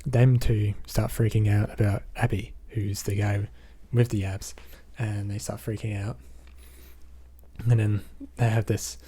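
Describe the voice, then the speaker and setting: A man's voice: fairly low pitch, level tone, a little slow, dark tone, breathy edge. An Australian man recapping a movie in a rambling, casual way, often filling gaps with "basically" and "um". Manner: rambling, leans on fillers like "basically" and "um". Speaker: movie reviewer.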